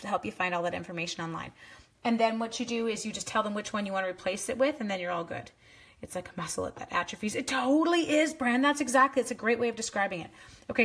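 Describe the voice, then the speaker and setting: A woman's voice: mid-range voice, a bit bright. Chatty woman crafting live on stream. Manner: chatty, self-deprecating, talks to viewers while working. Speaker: card-making demonstrator.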